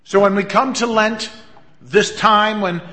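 A man's voice: high voice, steady tone, a little slow, sharp tone. A man preaching a sermon, telling a story in an earnest way. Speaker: pastor.

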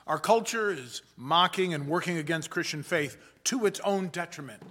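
A man preaching a sermon in a measured, earnest way, slowing down to stress key points. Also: on the high side, lively intonation, a bit bright. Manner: measured, earnest delivery that slows for emphasis.

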